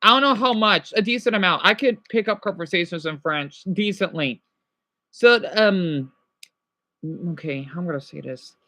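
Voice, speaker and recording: A man's voice: high-pitched, animated, normal speed, bright, forceful tone, dry recording. A man streaming live and chatting casually with viewers, rambling, correcting himself and slipping in French phrases. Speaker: livestreamer answering viewers.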